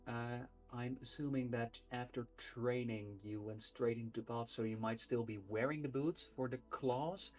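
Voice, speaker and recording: A game master narrates a tabletop adventure at an unhurried pace, stopping often with hesitant pauses while describing the scene. The voice sits at a middle pitch, with faint music playing underneath. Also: fairly even intonation. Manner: slow and halting, with many "uh" pauses.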